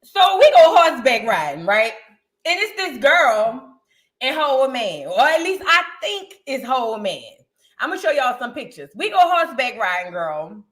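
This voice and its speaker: A woman, co-hosting a chat show and telling stories in an animated, slangy way. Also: sits high, normal speed. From United States. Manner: animated, slangy, repeats phrases for emphasis. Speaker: podcast co-host. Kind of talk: casual storytelling chat.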